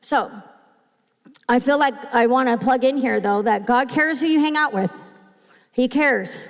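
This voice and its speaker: A woman's voice: high voice, measured pace. A middle-aged woman pastor preaching a sermon in a chatty, conversational way, acting out quoted voices. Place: church sanctuary. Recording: long hall reverb.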